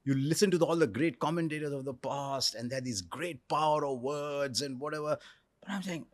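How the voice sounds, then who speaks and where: A man in his sixties with an Indian English accent, telling stories in a reflective interview with measured pauses. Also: a little high, no echo. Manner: articulate storyteller, measured pauses. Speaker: cricket commentator, interview guest.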